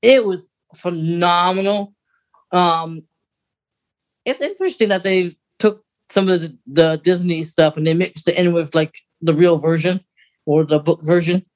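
Chatty young man rambling along. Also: high-pitched. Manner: rambling, chatty, quick laughs. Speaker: podcast co-host. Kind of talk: casual chat.

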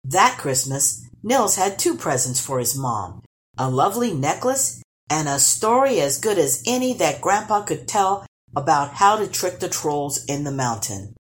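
A woman storyteller reading a children's storybook aloud with expressive, animated narration. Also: deep voice, measured pace.

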